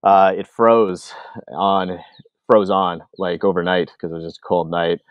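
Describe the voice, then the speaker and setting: A Canadian filmmaker telling stories in a casual interview, acting out other people's lines, with lots of fillers. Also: male voice, sits low, a little slow, no room sound, muffled recording. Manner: animated, acts out quoted voices, many fillers. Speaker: filmmaker guest. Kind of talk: casual storytelling.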